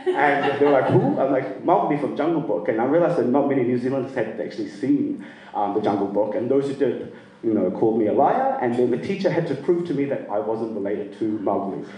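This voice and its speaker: A middle-aged man from Sri Lanka telling a funny personal story to a live audience, lively and self-mocking, often laughing. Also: mid-range voice, a little fast. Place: performance venue. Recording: roomy sound from a distant mic.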